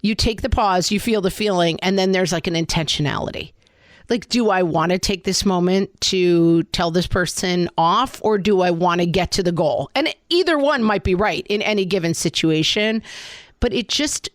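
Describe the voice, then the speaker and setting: A woman's voice: lowish voice, normal speed, dry recording, clean studio sound. A woman co-hosting a podcast about motherhood, thinking aloud in casual chat with many "like" fillers.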